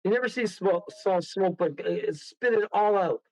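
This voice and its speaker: A man's voice: high voice, normal speed, no echo, low-quality recording. A man, a guest medium on a radio show, telling a rambling story full of laughs and acted-out quotes.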